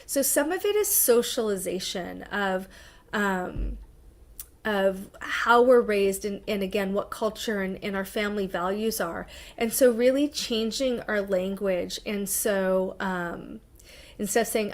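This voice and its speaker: A woman's voice: medium pitch, measured pace. A middle-aged woman, a psychotherapist, gives an informal webinar talk, full of fillers and restarts as she explains ideas conversationally. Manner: conversational, warm-hearted advice with frequent fillers and restarts.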